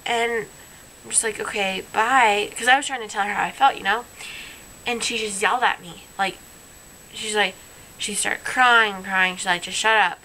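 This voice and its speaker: A woman's voice: mid-range voice, moderate pace, sharp tone, slight background noise, poor audio. A young woman telling a story about a falling-out with her best friend in a personal vlog, earnest and rambling, sounding hurt. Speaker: vlogger.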